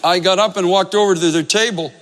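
High-voiced preacher in a reverberant hall. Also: male voice, steady tone, a little fast, a bit bright, slight background noise. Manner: earnest storytelling, repeats phrases for emphasis. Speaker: pastor. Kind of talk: sermon with storytelling.

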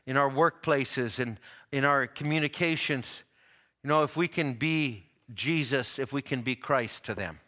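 A man preaching a sermon, telling stories with rising excitement and dropping to soft, low tones for tender moments. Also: a little slow. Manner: animated storytelling, voice climbing high at dramatic moments.

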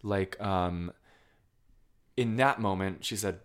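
A man from Vermont talking casually about a film, animated, with lots of filler words. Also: deep voice, slow, smooth. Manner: animated, many fillers, acts out quoted lines.

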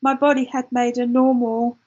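A woman guest in an interview, telling her story in an animated way with many restarts. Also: fairly high pitch, normal speed, husky, highs cut off. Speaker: guest, client. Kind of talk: interview chat.

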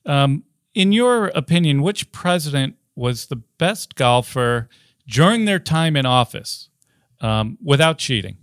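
A man's voice: fairly high pitch, sing-song, measured pace, smooth, dry recording, clean studio sound. A man hosting an interview, asking long questions with restarts and fillers. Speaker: interview host.

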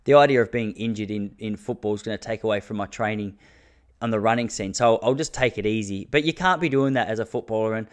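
A man's voice: on the low side, fast, clean tone. An Australian man in his thirties hosts his own podcast alone. He talks casually and rambles from story to story. He jokes a lot and slips into mock rants. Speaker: podcast host. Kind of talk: casual solo podcast chat.

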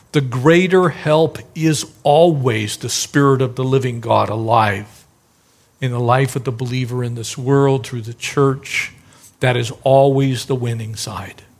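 A man's voice: mid-range voice, unhurried, creaky. A middle-aged male pastor preaching a sermon in a conversational way, acting out the voices in the stories he tells.

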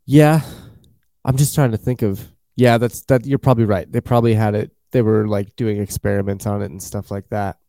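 A man's voice: on the low side, steady tone, brisk, vocal fry, mellow, no room sound, clean studio sound. A man chatting casually as a podcast host, rambling and acting out quotes in jokey voices. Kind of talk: casual chat.

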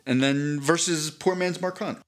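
A man's voice: a little high, moderate pace. A man co-hosting a podcast, talking in a rambling, casual way, restarting his sentences often and swearing freely. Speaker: podcast co-host. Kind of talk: casual chat.

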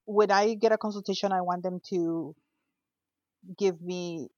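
A woman with a fairly low voice, chatting about her floral work in a casual podcast. She speaks thoughtfully and lets sentences trail off. The sound is dry and a little dull. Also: fairly even intonation, a little slow, a little mellow, no echo. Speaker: florist guest.

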